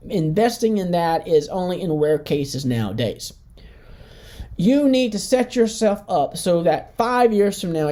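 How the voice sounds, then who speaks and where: A woman's voice: on the low side, dark tone. A middle-aged woman business advisor giving a blunt, emphatic training lesson.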